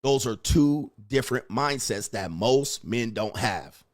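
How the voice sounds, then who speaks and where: A man's voice: medium pitch, lively intonation, slow pace. A man lecturing on dating in a blunt, emphatic way, swearing and acting out quoted exchanges. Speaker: dating advice host. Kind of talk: lecturing monologue.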